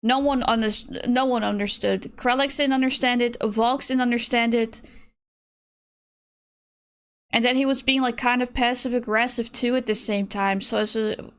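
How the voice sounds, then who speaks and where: A woman's voice: a little high, fairly even intonation, normal speed, fairly bright tone, clear, resonant tone. A young woman chatting casually with her stream viewers while she paints, ranting in an exasperated way and reading out chat messages.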